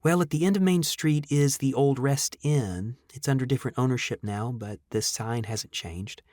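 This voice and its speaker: A man voicing a chatty, friendly young woman who talks quickly and breezily. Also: medium pitch, a little mellow, no echo, clean studio sound, close to an everyday voice.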